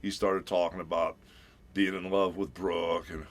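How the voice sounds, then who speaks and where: Very deep-voiced man telling a story. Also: a little slow. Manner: animated storyteller who acts out quotes, calls people brother. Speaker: celebrity guest. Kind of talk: casual radio interview storytelling.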